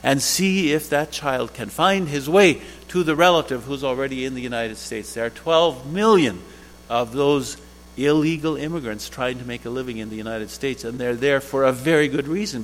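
A man's voice: medium pitch, moderate pace. A man giving a storytelling talk, recounting conversations he had. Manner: retells conversations in dialogue. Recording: long reverb of a large hall.

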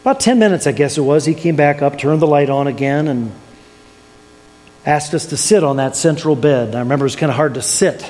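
An older man tells a sermon story in a folksy, chuckling way. His voice sits a little high for a man. It rings out in a large church with a long reverb tail. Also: fairly quick, a little mellow. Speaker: preacher.

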